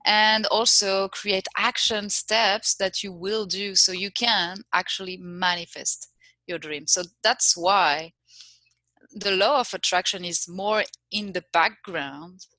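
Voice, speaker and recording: A woman's voice: medium pitch, steady tone, slow pace, bright, forceful tone, no echo. A woman coach, a guest on a podcast, explaining her work earnestly. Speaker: mindset and manifestation coach, guest. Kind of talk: podcast interview.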